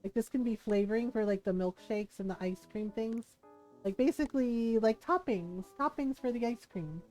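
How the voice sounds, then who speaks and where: A woman's voice: a little high, moderate pace, mellow, soft background music. A woman streaming a life-sim game, chatting casually, telling stories and laughing often. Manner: chatty, storytelling, laughs often, playful quoted voices.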